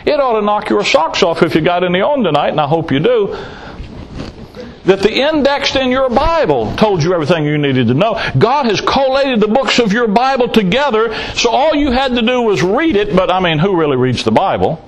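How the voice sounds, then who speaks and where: A man's voice: high-pitched, big pitch swings, moderate pace, poor audio. A man preaching a sermon in a blunt, folksy way, teasing his listeners and firing off rhetorical questions.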